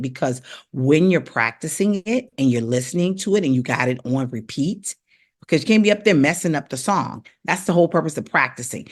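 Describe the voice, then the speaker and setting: A woman vocal coach giving a casual live lesson, encouraging viewers, repeating herself, and breaking into rap and tongue-twister drills. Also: low-pitched. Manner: encouraging, repetitive, rapping drills aloud.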